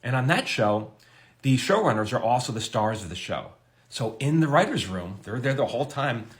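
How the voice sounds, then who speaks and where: A middle-aged man, a TV comedy writer, answering a viewer's question in a casual, lively way, with his pitch jumping up for emphasis. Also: moderate pace. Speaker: TV comedy writer giving advice.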